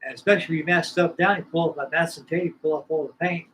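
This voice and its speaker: An older man in his sixties chats in a rambling, folksy way, circling back and repeating himself as he works. His voice sits a bit higher than most men's. A faint hum of room noise stays underneath. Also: steady tone, quick pace, a bit bright, low-quality recording. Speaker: scale model builder hosting a live stream. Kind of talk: casual storytelling chat.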